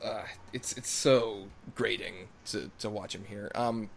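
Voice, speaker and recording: A man's voice: on the low side, steady tone, a little slow, gravelly, slightly rough. Blunt, profane male film reviewer. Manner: blunt, profane, laughs often. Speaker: podcast co-host. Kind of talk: casual film review chat.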